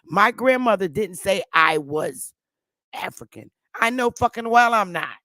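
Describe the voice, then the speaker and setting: A woman streamer delivers a heated, casual livestream rant, combative and profane with loud outbursts. Her medium-pitched voice is animated but unhurried, with a dry, close sound.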